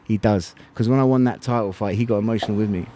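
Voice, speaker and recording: A man's voice: lowish voice, quick pace, mellow. A middle-aged man, telling his story as a podcast guest, candid and blunt, heavy with slang and swearing. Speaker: podcast guest, former fighter. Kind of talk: emotional storytelling.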